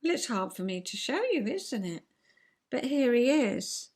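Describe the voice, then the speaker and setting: A woman's voice: a little high, very animated, a little slow, darkish tone. An older woman from England chatting to camera in a rambling, enthusiastic way, laughing now and then. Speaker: vlogger. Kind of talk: casual chat to camera.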